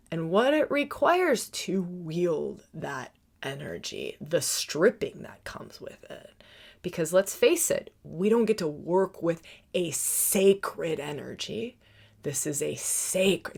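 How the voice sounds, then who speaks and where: Slow, gravelly-voiced woman teaching spirituality. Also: lowish voice. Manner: drifts into soft whispers, giggles often, searches for words. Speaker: podcast host and retreat teacher.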